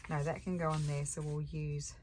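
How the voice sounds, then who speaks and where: An older Australian woman, sounding tired, chats casually and thinks aloud as she works on a craft project, easily distracted along the way. She hosts a craft channel and speaks at normal speed in a low, level voice over a noisy background.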